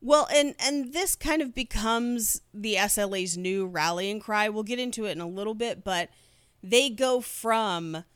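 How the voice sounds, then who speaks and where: A woman's voice: medium pitch, unhurried, a bit bright, clean tone, dry recording, clean studio sound. A woman hosting a podcast who tells a true crime story in a casual, chatty way. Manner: laughs while telling the story.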